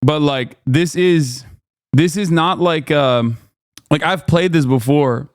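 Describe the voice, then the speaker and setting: A man's voice: on the high side, takes it slowly, noisy background. A man casually commenting on clips as a streamer, sardonic and rambling, with restarts.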